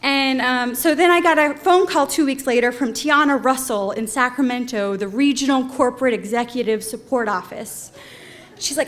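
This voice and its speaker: A woman's voice: high-pitched, a little fast, a bit bright. A woman telling a comic, exasperated story on stage at a live storytelling event, swearing freely. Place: theater stage with audience.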